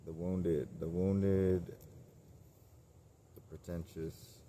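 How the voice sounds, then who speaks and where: A man talking casually to camera in a candid, self-reflective monologue, rambling and halting with many restarts. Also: low voice, level tone, warm tone, slight background noise. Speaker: vlogger.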